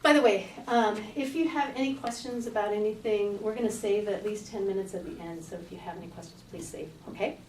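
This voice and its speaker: A woman's voice: mid-range voice, a little fast, few pauses, slight background noise. Middle-aged woman telling her story, roomy. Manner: lively personal storytelling. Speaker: fitness coach and speaker. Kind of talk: motivational talk to a live audience. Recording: roomy, distant audience-talk recording.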